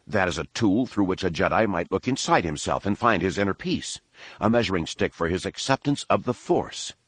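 A man voicing a young Jedi older brother who lectures quietly and sarcastically. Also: deep voice, lively intonation, brisk, husky, dry recording. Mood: lecturing.

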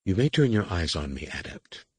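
Stern middle-aged alien priestess-scientist, read by a male narrator; low, husky, quietly authoritative. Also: big pitch swings, moderate pace, no room sound, exaggerated voice. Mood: stern, measured. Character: stern female master shaper, middle-aged, commanding.

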